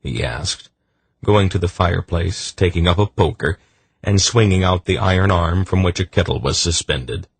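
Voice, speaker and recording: A man reading a fantasy novel aloud as an audiobook narrator, measured and gentle. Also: low voice, vocal fry, breathy edge, no room sound. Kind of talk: scripted narration.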